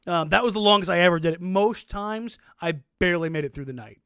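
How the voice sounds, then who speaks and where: A man's voice: high-pitched, a bit bright, clear, resonant tone, no room sound, clean studio sound. A man co-hosting a casual sports podcast, telling rambling stories and laughing easily. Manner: rambling storyteller, quick to laugh. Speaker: podcast co-host.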